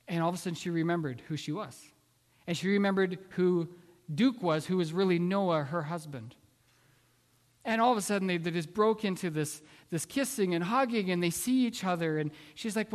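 A man preaching a sermon, telling a story in an earnest, halting way with many restarts. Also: a little high, in a large hall. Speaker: pastor.

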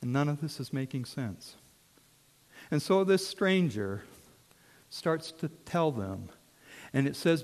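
Preacher man with a dramatic hall-echoed delivery. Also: on the high side. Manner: dramatic swings from hushed to shouted. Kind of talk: sermon storytelling. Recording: long hall reverb.

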